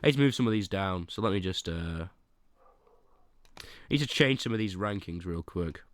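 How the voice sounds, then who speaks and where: Lively young man streaming, dry close sound. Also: low voice, moderate pace, no echo. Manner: mock-indignant rants, then fumbling apologies to chat. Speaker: livestreamer ranking teas. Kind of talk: casual livestream chat.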